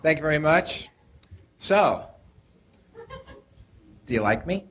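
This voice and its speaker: Neurotic stand-up comic man, lively delivery. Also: on the high side, slow. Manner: neurotic, self-deprecating, whiny put-on voices. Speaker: stand-up comedian. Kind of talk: stand-up routine. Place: comedy club stage. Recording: noisy 1980s live club tape.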